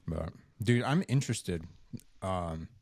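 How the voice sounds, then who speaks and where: A man's voice: slow, vocal fry, no room sound. A young man from Florida, hosting a casual podcast chat, swearing freely and acting out stories. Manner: animated storyteller, swears a lot, acts out quotes in a high voice. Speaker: podcast host.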